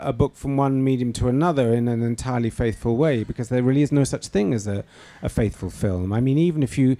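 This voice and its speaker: A man's voice: mid-range voice, warm tone. A middle-aged man, a novelist and screenwriter, answering interview questions thoughtfully, with frequent fillers and restarts.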